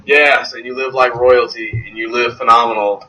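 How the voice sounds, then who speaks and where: A man's voice: medium pitch, flat delivery, normal speed, pushed and bright, rough recording. A man co-hosting a podcast in casual chat, brash and profane, laughing often. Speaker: podcast co-host.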